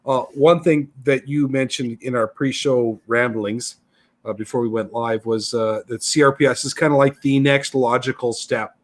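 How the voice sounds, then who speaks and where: A man's voice: mid-range voice, fairly even intonation, normal speed. A man hosting a podcast, casually steering to the next topic with some filler words. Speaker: podcast host.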